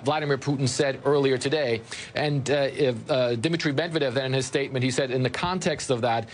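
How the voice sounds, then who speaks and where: A male news correspondent giving a measured live report. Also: medium pitch, slight background noise. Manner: measured, informative.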